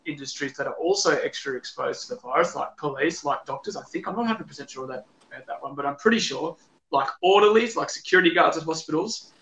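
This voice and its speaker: A man's voice: fairly high pitch, a bit bright. Blunt man in an echoey room. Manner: blunt, opinionated. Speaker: podcast co-host. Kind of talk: casual political banter. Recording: roomy echo.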